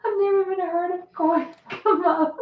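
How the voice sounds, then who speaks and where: A woman's voice: very high voice, fairly even intonation, moderate pace, phone-quality sound. Chatty woman hosting a live stream. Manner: chatty, laughs often, reads viewer comments aloud. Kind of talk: casual live-stream chat. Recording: roomy echo.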